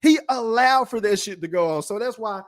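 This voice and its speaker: A man with a fairly high voice rants bluntly on his own podcast. He swears freely and talks loosely, like a livestream chat. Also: lively intonation, a little fast. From Texas. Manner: profane, blunt, ranting. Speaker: podcast host. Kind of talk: casual boxing rant and livestream chat.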